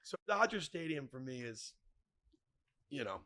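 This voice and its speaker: A man telling wild stories as a podcast guest, animated and profane, acting out other people's lines. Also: medium pitch, unhurried. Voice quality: animated, profane, acts out quoted voices. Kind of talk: casual storytelling.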